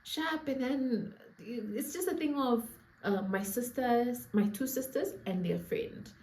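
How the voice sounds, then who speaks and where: Taking it slowly in a slightly high, darkish voice, a young Namibian-accented vlogger tells a casual storytime, playful and laughing, with asides to her viewers. The recording is in an echoey room with slight background noise.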